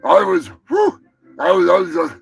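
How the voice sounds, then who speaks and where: A man's voice: high voice, wildly swooping pitch, moderate pace, vocal fry, slightly rough. A man hosting a live comedy stream who rambles profanely and keeps correcting himself mid-sentence. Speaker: live show host.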